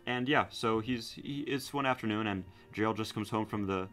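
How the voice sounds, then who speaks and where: A man's voice: fairly low pitch, moderate pace, fairly bright tone, faint music behind. A man hosting a casual podcast, telling a rambling story with many fillers and restarts. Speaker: podcast host.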